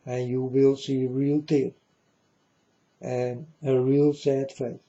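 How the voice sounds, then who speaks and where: A man lectures viewers in broken English as a non-native speaker, preachy and emphatic, repeating himself and checking again and again that they understand. He speaks slowly at medium pitch with flat delivery and a dark tone, on lo-fi sound.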